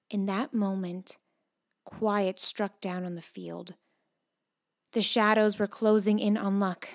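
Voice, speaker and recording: A woman narrating a children's storybook, moving between hushed whispers and excited, louder passages. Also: mid-range voice, takes it slowly, long pauses. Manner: expressive, shifts between hushed whispers and loud excited calls.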